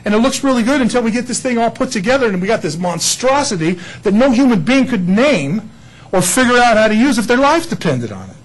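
Husky, high, lively preacher. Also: male voice, brisk, rough recording. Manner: folksy, joking storyteller. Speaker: pastor. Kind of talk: sermon. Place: church.

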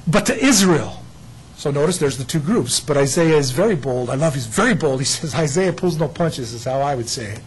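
A man preaching with a husky, slightly high voice. He talks emphatically and with animation, and he jumps into quick voiced asides for God. The sound is a steady sermon delivery. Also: poor audio. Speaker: pastor.

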